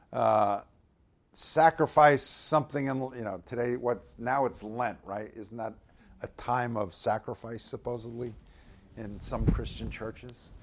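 Man, sermon preacher, mid-pitched voice, casual "you know" delivery, rises loud on verses. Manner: conversational preaching, frequent "you know", rhetorical questions; loud dramatic swells when reading verses. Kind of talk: sermon with scripture reading.

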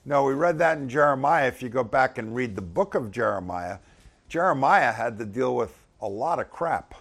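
A man's voice: mid-range voice, animated, normal speed, a bit bright. A man leading a casual Bible teaching, talking conversationally and turning emphatic when he reads the verses aloud.

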